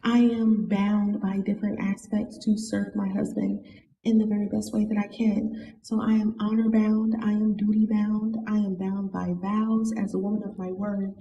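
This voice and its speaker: A woman guest speaking in a measured, formal, deliberate way. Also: mid-range voice, flat delivery, warm tone, roomy sound, lo-fi sound, a little hiss or hum. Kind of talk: casual chat.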